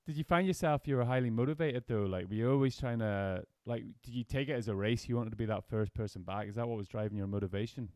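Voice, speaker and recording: A man's voice: medium pitch, quick pace, few pauses, darkish tone, dry recording, clean studio sound. A man hosting an interview podcast, talking casually and chattily, laughing easily and swearing in passing. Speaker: podcast host.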